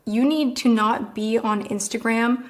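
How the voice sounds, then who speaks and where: Indignant woman vlogger with a higher voice. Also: fairly even intonation, a little slow. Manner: emphatic, indignant and blunt. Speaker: influencer. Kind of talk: speaking to camera in a vlog.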